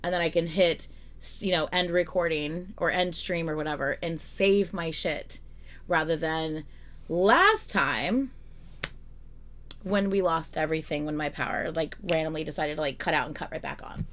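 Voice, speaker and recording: A woman's voice: deep voice, normal speed, fairly bright tone, slight background noise. Profane, ranting woman streamer. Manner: profane, rambling, exasperated ranting. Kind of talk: casual livestream chat. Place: home streaming room.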